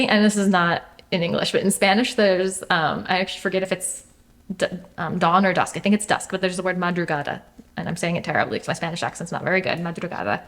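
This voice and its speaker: A young adult woman chatting as an interview guest, thoughtful, with many fillers and restarts. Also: medium pitch. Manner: thoughtful, frequent fillers and restarts, laughs easily. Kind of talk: casual interview chat.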